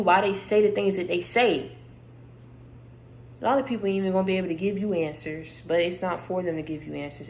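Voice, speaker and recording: Hoarse, emphatic woman preaching encouragement. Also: lowish voice, poor audio. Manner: emphatic, repeats phrases, addresses listener directly. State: losing her voice. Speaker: online spiritual speaker. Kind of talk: spiritual encouragement monologue.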